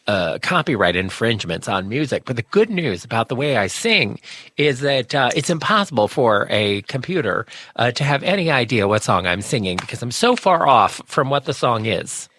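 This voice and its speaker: A man's voice: medium pitch, very animated, moderate pace, sharp tone. A man co-hosting a talk show, chatting casually with wry, dry humor and lots of fillers. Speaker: radio show co-host.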